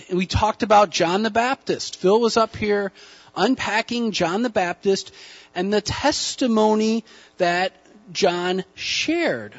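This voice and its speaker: A man's voice: sits high, highs cut off. A man preaching a casual, conversational sermon to a church congregation, with folksy asides. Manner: hushed, slow prayer. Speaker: guest preacher. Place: church sanctuary.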